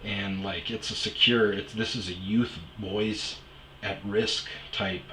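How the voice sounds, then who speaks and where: A man's voice: on the low side, steady tone, slow, sharp tone, reverberant, slight background noise, low-quality recording. A man casually telling rambling, profane stories as a podcast host, full of fillers and asides. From Omaha area. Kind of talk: casual storytelling monologue.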